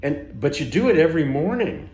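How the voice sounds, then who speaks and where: A man's voice: on the high side, very animated, fairly quick, darkish tone, roomy sound, voice pushed up. A man voicing a concerned woman friend who insists on what she has heard. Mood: insistent.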